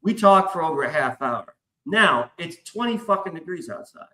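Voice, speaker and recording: Middle-aged male podcast host, raised pitch, excitable, profane, chatty storyteller. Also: moderate pace. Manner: excitable, heavy swearing. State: stressed, hyped up. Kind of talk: casual storytelling.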